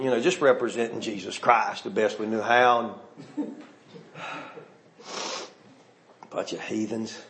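A man, a pastor preaching a sermon, telling folksy stories that rise into shouts. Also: medium pitch, roomy sound. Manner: folksy storytelling, rising to shouts.

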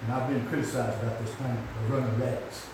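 A man preaching a rambling, folksy sermon that climbs into shouts. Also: medium pitch, flat delivery, fairly quick, background noise. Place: church. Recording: echoey hall from far off.

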